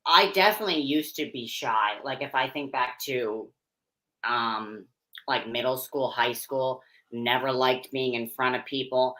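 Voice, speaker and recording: Interview guest: young adult woman from Pennsylvania, low pitch, forceful tone, candid and chatty. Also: low-quality recording. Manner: candid, chatty, laughs easily. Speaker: interview guest, figure competitor and posing coach. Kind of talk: casual interview chat.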